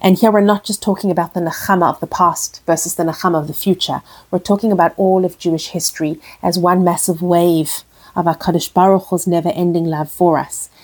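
A woman's voice: on the low side, steady tone, brisk, darkish tone, breathy edge. A woman teaching a Torah lesson in an earnest way. She says her with a sound and puts each one into English as she goes. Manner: earnest, translates each Hebrew phrase into English. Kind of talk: explaining verses line by line.

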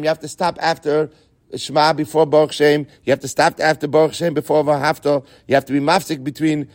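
A man's voice: fairly high pitch, dry recording, clean studio sound. A man teaching a Talmud lesson with an Ashkenazi yeshiva pronunciation, chanting the Aramaic text and then explaining it in English. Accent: Yeshivish Ashkenazi Hebrew pronunciation.

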